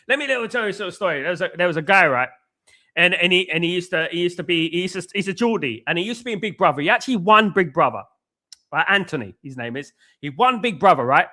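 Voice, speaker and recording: A man chats through a live football watchalong from inside his home. He tells stories in a rambling, repetitive way, and his voice sits high and bright. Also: expressive, quick pace. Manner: rambling, repeats "guys, absolutely". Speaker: livestream host. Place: indoors at home.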